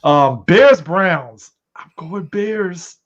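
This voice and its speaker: Male football podcast co-host, giggly and hesitant, lively pitch, muffled lo-fi audio. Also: drawn-out words. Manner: laughs often, hesitant fillers. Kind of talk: casual sports chat. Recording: dull lo-fi mic.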